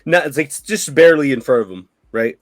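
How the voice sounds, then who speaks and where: A man's voice: a little high, animated, brisk, dry recording. A man running a tabletop game as dungeon master, narrating in a rambling way with many restarts.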